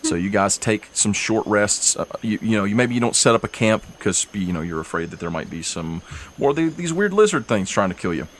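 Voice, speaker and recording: Low-voiced man narrating a tabletop game. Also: fairly quick, slight background noise. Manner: relaxed, easygoing narration with fillers. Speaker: game master.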